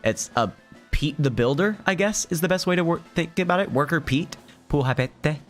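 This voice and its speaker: A hoarse man from Finland giving chatty, rambling gameplay commentary and laughing often. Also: on the high side, expressive, normal speed, soft background music. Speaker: let's play host.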